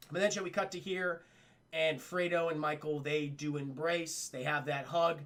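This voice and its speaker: Guy on a livestream recapping a movie for chat, fairly high bright voice, swears a lot. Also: fairly even intonation, normal speed. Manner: chatty, profane, retells scenes in acted quotes. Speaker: streamer and film reviewer. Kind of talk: casual livestream film recap talking to chat.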